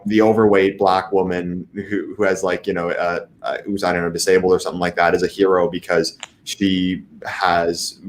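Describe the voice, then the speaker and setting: A man speaking as a guest in a casual panel discussion, halting with many fillers and restarts. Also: low voice, slight background noise.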